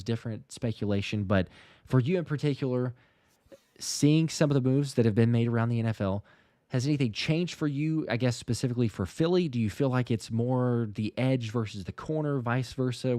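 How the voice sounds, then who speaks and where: A man's voice: medium pitch, moderate pace, warm tone, dry recording. Man, live Q&A host, loose chatty delivery, reads viewer comments, dry close sound. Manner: loose and chatty, lots of fillers and restarts. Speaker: podcast host reading live questions. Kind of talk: casual live Q&A chat.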